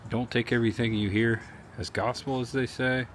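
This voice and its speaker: A man's voice: mid-range voice, fairly even intonation, moderate pace, crowd noise. A man talking casually as a travel vlogger, chatty and reflective, sometimes getting emotional as he walks through a city. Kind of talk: casual vlog narration. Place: outdoors on city streets. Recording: outdoor street noise.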